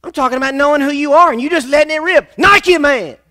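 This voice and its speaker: A man's voice: very high-pitched, steady tone, racing, pushed and bright. A man preaching a sermon as pastor in a church, emphatic and repetitive, calling on the congregation to answer back.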